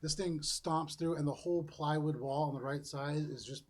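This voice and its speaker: A man narrating as game master of a tabletop role-playing game, describing the action in a relaxed, chatty way. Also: fairly high pitch, moderate pace.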